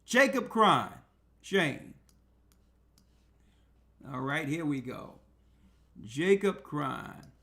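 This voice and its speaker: His fairly high, fairly bright voice swings widely in pitch, with drawn-out words, vocal fry, and frequent pauses. He hosts an online radio talk show as casual livestream talk, thinking aloud at his computer at an easy pace and dropping religious exclamations.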